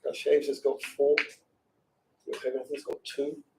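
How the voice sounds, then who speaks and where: A man giving an emotional Torah lecture to a women's seminary class, swinging from hushed and choked to shouting. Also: medium pitch, monotone, normal speed, background noise. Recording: distant from the mic.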